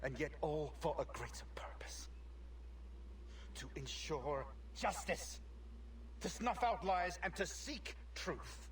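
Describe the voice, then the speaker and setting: An actor playing a proud, scheming governor who speaks in a scornful, lofty way. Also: male voice, a little high, sing-song, slow pace, pauses often. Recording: distant game audio with noise.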